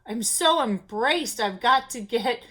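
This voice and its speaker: A woman reading aloud gives voice to a flustered storybook rooster who has lost his crow. He speaks softly in a slightly raised, pleading voice. The delivery is slow and lilting. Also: fairly high pitch, lively intonation, breathy edge, heavily acted. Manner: soft, pleading. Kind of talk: children's storybook read-aloud.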